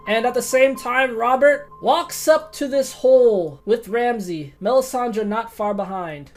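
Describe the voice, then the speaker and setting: A woman narrating a tabletop game as game master, excitable, swearing casually and laughing often. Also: a little high.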